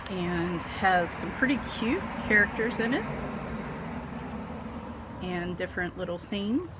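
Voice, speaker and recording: Southern woman host, unhurried, mid-pitched, chatty and self-deprecating. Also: animated, heavy background noise. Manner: rambling, self-deprecating, many fillers. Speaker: coloring book channel host. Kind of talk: casual chat showing books.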